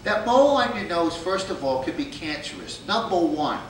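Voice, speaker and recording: Man playing a nagging middle-aged father, blunt, lecturing, lowered voice, echoey. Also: sing-song, normal speed, slight background noise. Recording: echoey room from far off.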